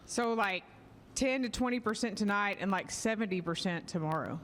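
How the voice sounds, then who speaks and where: A woman's voice: medium pitch, expressive, normal speed, a bit bright, in a large hall. A woman co-hosting a radio show, giving casual updates and reading country music news, often saying "like". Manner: casual, many "like" fillers.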